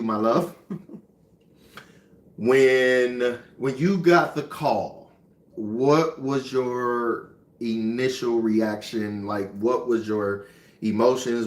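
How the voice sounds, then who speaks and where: Guy asking his wife questions, real slow and halting, repeats himself, echoey room. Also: medium pitch. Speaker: co-host, husband.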